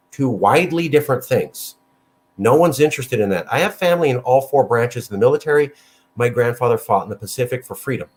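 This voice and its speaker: A man making an impassioned case at a meeting, emphatic and repetitive, his voice leaping up when he gets worked up. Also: medium pitch. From California. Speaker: movement leader speaking at a meeting. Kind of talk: impassioned argument.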